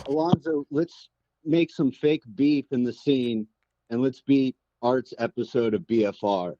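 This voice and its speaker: A man's voice: mid-range voice, a little slow, dark tone, no echo. Stammering male caller, muffled line. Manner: hesitant, stammering restarts. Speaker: caller, fellow comedian. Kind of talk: casual phone-in chat.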